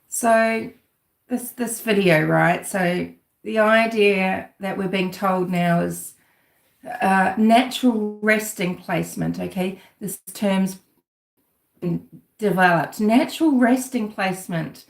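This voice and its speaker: A woman's voice: medium pitch, steady tone, slow pace, creaky. Rambling, sarcastic woman in an echoey room. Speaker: true-crime commentator. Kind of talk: casual livestream commentary. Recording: roomy echo.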